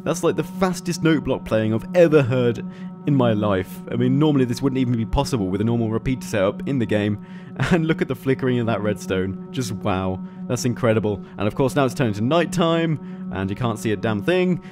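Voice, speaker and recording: A man giving casual gameplay commentary as a YouTube host. He talks in a chatty, excitable way and laughs often. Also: mid-range voice, a little fast, music in the background.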